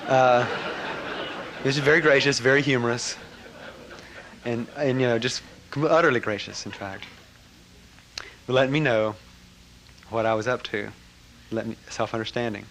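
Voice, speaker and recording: An older man telling a personal story to a gathering in a reflective, halting way, breaking into lively quotes. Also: mid-range voice, slight background noise, poor audio. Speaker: speaker recounting a spiritual teacher.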